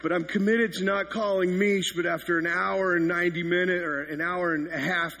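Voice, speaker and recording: A man's voice: high-pitched, steady tone, fairly quick, gravelly, sharp tone. A man in his thirties, a pastor giving a sermon that opens with funny, self-mocking stories. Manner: self-deprecating storytelling with comic exaggeration.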